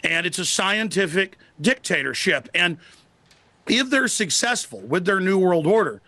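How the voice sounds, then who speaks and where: A man's voice: sits high, big pitch swings, measured pace, pushed and bright, dry recording. A man arguing angrily as an interview guest, ranting in a declamatory way. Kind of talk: heated political argument.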